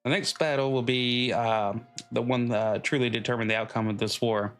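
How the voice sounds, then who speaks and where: A man reading the lines of a calm, scheming male army strategist from a video game aloud, with stumbles and restarts. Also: mid-range voice, moderate pace, faint music behind, close to an everyday voice. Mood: measured.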